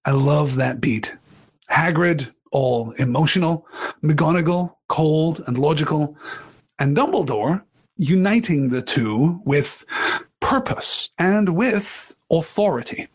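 Husky guy teaching a novel, excited, reads aloud n asks his viewers stuff, kinda high voice. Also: takes it slowly. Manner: enthusiastic, asks the audience questions. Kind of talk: reading aloud and discussing a novel.

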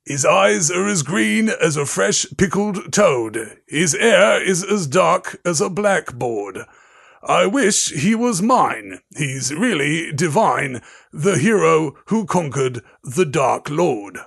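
A man voicing a male dwarf who recites a valentine poem in a slow, sing-song, declaiming way. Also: fairly high pitch, animated, gravelly, fairly bright tone, slightly rough, no echo, clean studio sound, heavily acted. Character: male dwarf delivering a singing valentine, showy.

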